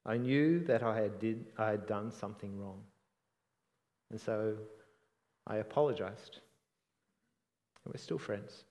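A man preaching a sermon in an earnest, reflective way, often trailing off softly at the ends of phrases. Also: on the low side, a little slow, long pauses, long reverb tail.

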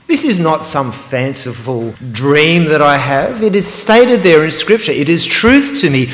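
A man preaching a sermon, earnest and emphatic, sometimes slowing to a hushed, meditative repetition. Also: fairly high pitch, animated. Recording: roomy hall with long reverb.

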